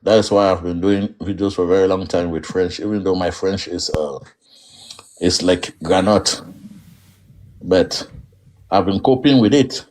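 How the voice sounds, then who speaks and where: Cameroonian man, guest, very deep low voice, emphatic and forceful in his views, Cameroonian English accent. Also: a little slow, long pauses. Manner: emphatic, switches into pidgin. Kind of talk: online interview discussion.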